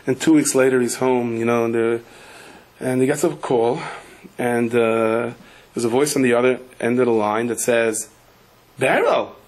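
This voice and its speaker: A man preaching as a rabbi, telling stories in an animated way and acting out the people in them. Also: medium pitch, normal speed. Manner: animated storyteller, acts out the people in his stories. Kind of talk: sermon with storytelling.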